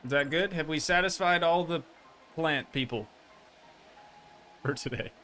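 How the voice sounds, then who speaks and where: A man's voice: on the high side, a little slow, slight background noise. A man streaming a park-building game, chatting casually and rambling along while tired at the end of a long stream. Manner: relaxed, rambling, self-amused.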